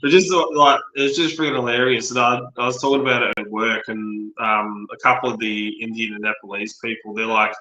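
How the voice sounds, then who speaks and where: Aussie guy yakking on a live stream, sharp bright voice, echoey room. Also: mid-range voice, fairly even intonation, brisk, few pauses. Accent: Australian. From Australia. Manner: chatty, lots of ums. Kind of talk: casual livestream chat.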